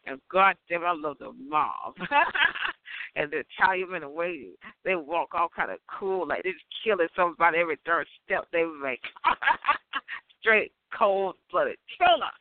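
A man rambling through a casual monologue, giggling often and breaking into high laughs. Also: animated, a little slow, slight background noise. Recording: tinny phone-like sound.

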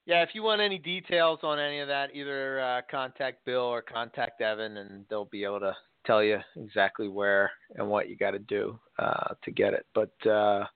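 A man's voice: mid-range voice, fairly even intonation, moderate pace, few pauses, smooth, no room sound. Easygoing man on a dry, tinny line. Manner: easygoing, many "you know" fillers. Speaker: host. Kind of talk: casual chat.

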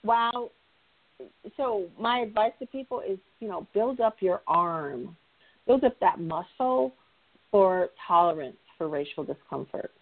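Heard through a thin, phone-like connection, this guest speaker is a nonprofit consultant and facilitator. She talks unhurriedly in a medium pitch with lively intonation, guiding a conversational discussion and driving points home by repeating key phrases.

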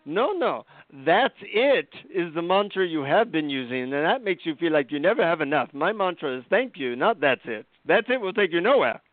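A man voicing a calm, wise older guru who speaks slowly and solemnly, heard over a tinny phone line. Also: a little high, dry recording, voice pushed up.

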